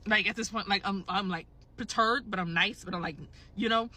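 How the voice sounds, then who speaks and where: A woman's voice: mid-range voice, brisk. A young woman telling an angry story in casual chat, emphatic and swearing, acting out the people in it. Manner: animated, emphatic, swears, mimics others. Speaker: storyteller in a clip.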